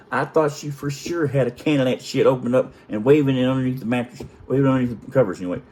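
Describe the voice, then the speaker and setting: A middle-aged man telling a comic personal story in a profane, animated way, acting out the quotes in different voices. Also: medium pitch, fast talker, hardly any pauses. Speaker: storytelling vlogger.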